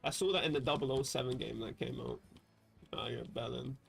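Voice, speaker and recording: A man's voice: mid-range voice, a little fast, vocal fry, faint music behind. A man from England, chatting casually and profanely on a livestream while reading chat aloud. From southern England. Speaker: livestream host.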